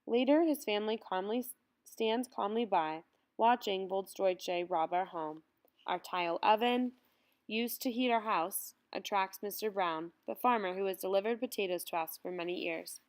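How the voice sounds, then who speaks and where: A woman reading a first-person story aloud in a measured, earnest way. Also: medium pitch. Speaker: audiobook reader.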